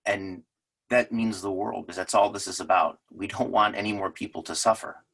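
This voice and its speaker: Deep-voiced man telling earnest stories. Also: steady tone, a little fast, vocal fry, fairly bright tone, low-quality recording. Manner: earnest, storytelling with many fillers and restarts. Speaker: lodge presenter. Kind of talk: unscripted presentation talk.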